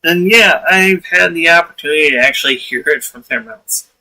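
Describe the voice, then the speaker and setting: A man's voice: on the high side, normal speed, sharp tone. A man hosting a casual livestream chat, blunt and laughing often, swearing freely. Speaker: livestream host. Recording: voice distant from the mic.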